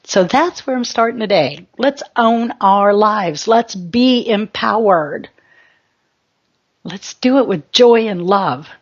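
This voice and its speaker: Husky woman giving a spiritual pep talk. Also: mid-range voice, lively intonation, takes it slowly, highs cut off. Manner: emphatic, exhorting, with short commands. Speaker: spiritual teacher.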